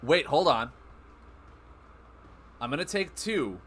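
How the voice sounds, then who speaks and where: Excitable male card game streamer. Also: a little high, slow, slight background noise. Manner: excitable, self-mocking, thinks aloud. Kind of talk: live card game commentary.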